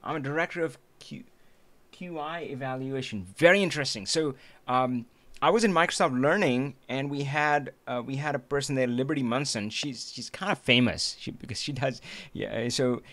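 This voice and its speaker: A man hosting a live stream, chatting casually with an animated manner, laughing often and restarting his sentences. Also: medium pitch, moderate pace. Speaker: livestream host.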